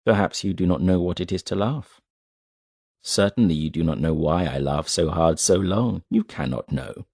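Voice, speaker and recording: A man voicing a cold, measured man of war, speaking slowly and with quiet menace in an audiobook reading. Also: low-pitched, lively intonation, vocal fry, breathy edge, no echo, clean studio sound, pitched below the performer's own voice, exaggerated voice.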